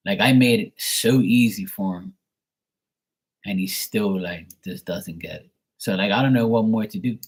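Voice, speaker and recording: Middle-aged guy ranting, husky low voice, swears a lot, lots of "like"s. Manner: exasperated rant with frequent swearing and fillers. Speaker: tarot reader. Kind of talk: casual venting monologue.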